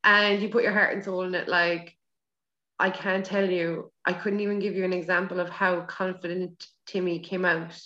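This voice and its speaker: A woman's voice: fairly low pitch, level tone, normal speed, pushed and bright. An Irish woman hosting a podcast interview, enthusiastic and encouraging toward her guest. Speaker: podcast host. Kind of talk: casual interview chat. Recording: dull echoey room sound.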